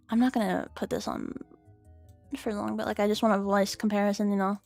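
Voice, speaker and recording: A woman's voice: medium pitch, fairly even intonation, a little fast, soft background music. A woman streamer chatting casually on a livestream, laughing often, swearing and mocking herself. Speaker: VTuber streamer.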